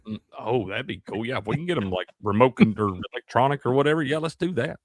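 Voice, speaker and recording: A man's voice: medium pitch, expressive, fast, dry recording. A man co-hosting a sports show, bantering casually and upbeat with his co-host. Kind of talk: casual chat.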